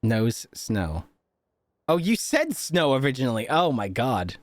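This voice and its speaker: A man's voice: medium pitch, very animated, a little slow. A young man chatting casually on a live stream, rambling and joking, swearing often and laughing a lot.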